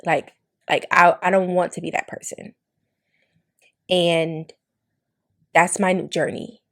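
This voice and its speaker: A woman's voice: fairly low pitch, level tone, slow pace, gravelly. A young adult woman hosting a podcast, talking candidly and emotionally with blunt language and frequent swearing. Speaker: podcast host. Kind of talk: candid monologue.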